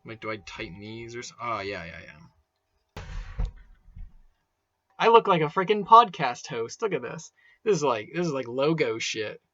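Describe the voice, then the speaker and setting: A man's voice: medium pitch, sing-song, normal speed, pauses often, sharp tone, dull audio. A young man rambling casually and swearing as he unboxes and sets up a microphone at home. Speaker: video creator. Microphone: desk microphone being set up.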